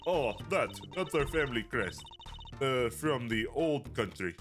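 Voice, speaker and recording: A man voicing an intimidating older woman who heads a crime family, speaking in a low, husky, menacing tone with a put-on Russian accent. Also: expressive, a little slow, music in the background, natural voice.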